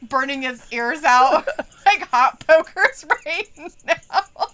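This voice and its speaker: A woman's voice: high-pitched, slow. A woman co-hosting a live stream, chatting casually and laughing as she watches wrestling and reads out viewer comments. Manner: giggly, animated, quotes chat viewers.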